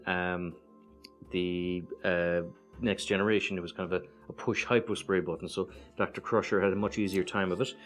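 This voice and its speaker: An Irish man casually walking through a board game's cards one by one, relaxed and hesitant, with many fillers and chatty asides. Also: low-pitched. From Ireland. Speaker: board game reviewer. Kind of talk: casual card-by-card walkthrough.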